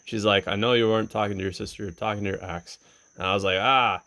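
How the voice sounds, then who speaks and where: A man's voice: fairly low pitch, steady tone, fast, creaky, bright, forceful tone, no room sound. A man in casual chat, retelling events plainly and matter-of-factly. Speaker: podcast co-host.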